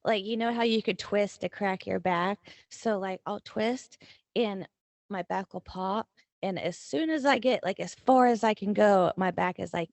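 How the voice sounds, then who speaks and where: Gravelly Southern woman in casual chat. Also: mid-range voice, unhurried, a little mellow, dry recording. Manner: swearing, laughing, acts out her kids' voices. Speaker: podcast co-host.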